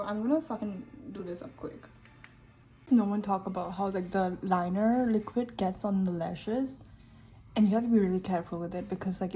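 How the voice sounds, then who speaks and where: A woman's voice: fairly low pitch, mellow. A woman in her mid-twenties chatting casually while doing her makeup, loose and slangy, full of "like" and the odd swear. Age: mid-20s. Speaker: beauty vlogger.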